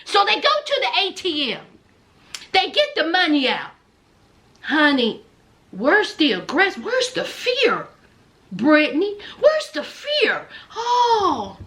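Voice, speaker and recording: A woman giving comedic reaction commentary on a reality show, sassy, blunt and mocking, often dropping into low muttered asides. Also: wildly swooping pitch, slow pace, long pauses, bright, forceful tone.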